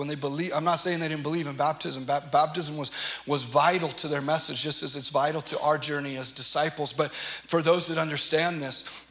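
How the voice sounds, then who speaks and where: Male pastor, high bright voice, earnest emphatic sermon, echoey church hall. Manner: earnest, emphatic, acts out quoted lines. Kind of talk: sermon teaching through scripture.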